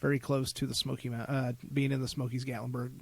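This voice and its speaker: A man hosting a podcast, joking in a halting, easygoing chat. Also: mid-range voice, level tone, gravelly. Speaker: podcast host. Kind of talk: casual chat.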